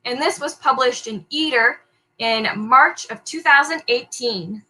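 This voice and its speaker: Bright, high-voiced woman hosting trivia. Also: a little slow, rough recording. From Canada. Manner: upbeat, apologetic over slips, lightly joking. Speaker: trivia host. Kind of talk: reading quiz headlines aloud.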